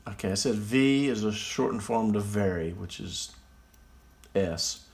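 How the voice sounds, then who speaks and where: A man's voice: fairly low pitch, unhurried, creaky. A man reading out slang definitions and mocking them in a casual, sarcastic way, recorded on a phone. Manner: sarcastic, mocking, easily amused. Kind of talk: casual solo commentary.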